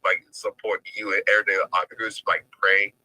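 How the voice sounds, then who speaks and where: A man guesting on a faith live stream who talks earnestly and haltingly, near tears. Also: lowish voice, flat delivery, sharp tone, no echo, poor audio. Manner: halting, earnest, many fillers. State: close to tears. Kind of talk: heartfelt faith conversation.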